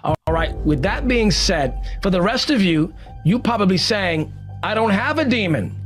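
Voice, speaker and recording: A man's voice: high voice, expressive, moderate pace, music in the background. A man preaching in a playful, teasing way during a live-streamed sermon.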